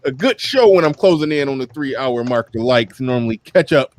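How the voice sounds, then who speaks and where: A man's voice: mid-range voice, lively intonation, fairly quick. An American man hosting a livestream, chatting loosely and rambling, laughing often and repeating himself. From United States. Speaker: livestream host. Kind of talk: casual livestream chat.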